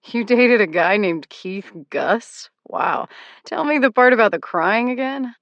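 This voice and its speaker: A woman's voice: lowish voice, lively intonation, unhurried, dry recording, lo-fi sound. A woman narrator voicing a charming, buzzed ex-husband in an audiobook, with an easygoing, teasing manner. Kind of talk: audiobook character voice.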